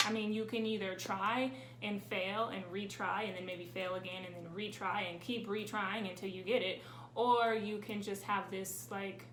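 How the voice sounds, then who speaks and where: A woman's voice: mid-range voice, fairly bright tone. A young woman answering fan questions in a casual vlog, chatty and candid, with lots of fillers. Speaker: vlogger. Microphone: camera on a tripod. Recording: roomy with faint ambient noise.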